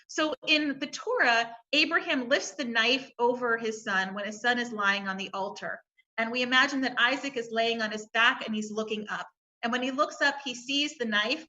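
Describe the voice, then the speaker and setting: Woman rabbi, panel talk, reflective and questioning, bright high voice, lo-fi sound. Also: moderate pace. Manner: reflective, poses questions, retells scripture.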